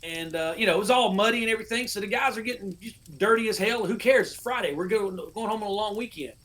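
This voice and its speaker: A man's voice: high voice, quick pace. Middle-aged American male veteran, casual profane storyteller, podcast guest. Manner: animated, profane storyteller, acts out his old orders.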